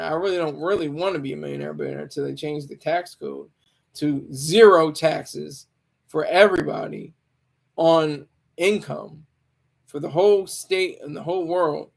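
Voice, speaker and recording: A man's voice: fairly high pitch, creaky. A man, a military veteran, talking in a loose, rambling monologue, often stopping to correct himself. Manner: rambling, self-correcting, opinionated. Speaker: Marine Corps veteran. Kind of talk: casual monologue.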